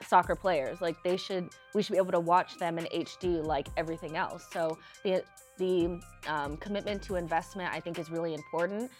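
Lower-voiced woman rambling about soccer. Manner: rambling, many fillers and restarts. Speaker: podcast co-host. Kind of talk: casual opinion chat.

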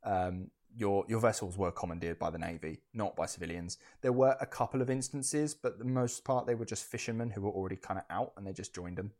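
A man's voice: on the low side, a little fast, few pauses, a little mellow. A man hosting a casual history podcast, blunt and sweary, stumbling over restarts as he talks. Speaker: podcast host.

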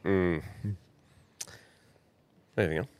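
A man's voice: sits low, extremely slow, a little mellow, smooth. An Australian man co-hosting a podcast, chatty, blunt and profane in casual banter. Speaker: podcast co-host.

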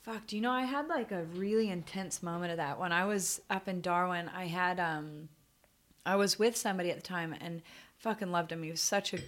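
A woman's voice: fairly low pitch, a little fast, fairly bright tone. A young woman, hosting a podcast and frankly telling a personal story, swearing freely and using many fillers.

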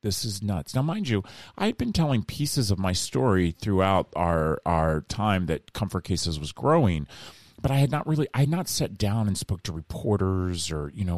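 A middle-aged man, a guest in a casual interview, telling a story in an animated way and acting out the voices of the people he quotes. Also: fairly low pitch, no room sound, studio quality.

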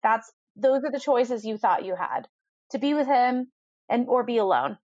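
A woman's voice: a little high, expressive, moderate pace, a little mellow, no room sound. A woman hosting a conversation, reflecting on what she hears in a supportive, explanatory way. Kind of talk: casual conversation. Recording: dry, dull lo-fi sound.

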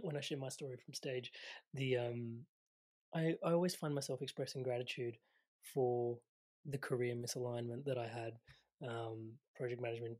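A man's voice: mid-range voice, darkish tone. A man hosting a podcast, sharing his own story in a reflective, casual way and laughing now and then while speaking. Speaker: podcast host. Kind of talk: casual conversational interview.

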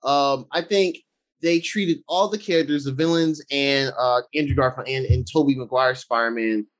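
A man co-hosting a casual movie talk show, rambling excitedly and acting out scenes with lots of fillers. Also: mid-range voice, moderate pace. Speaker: podcast co-host.

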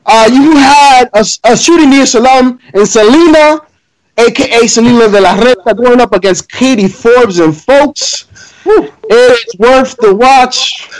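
A man's voice: very high-pitched, unhurried, poor audio. A man co-hosting a wrestling podcast, chatting casually and joking with many restarts. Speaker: podcast co-host.

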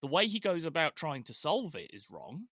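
A man's voice: fairly high pitch, huge pitch swings, moderate pace, fairly bright tone, slightly rough, no room sound, studio quality. A middle-aged man co-hosting a casual film discussion podcast, chatty with hesitant restarts. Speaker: podcast co-host.

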